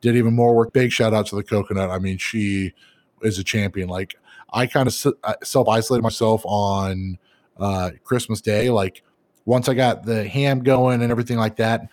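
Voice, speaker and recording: A man's voice: on the low side, fairly even intonation, normal speed, darkish tone, no echo. A man in his thirties co-hosting a casual podcast, joking, swearing and laughing often as he chats. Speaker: podcast co-host.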